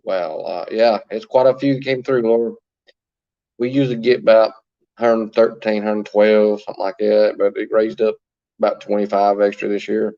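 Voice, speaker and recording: A man's voice: on the low side, level tone, normal speed, dark tone, lo-fi sound. A man hosting a casual livestream from his phone, chatting and greeting viewers by name as he answers their comments. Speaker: livestream host.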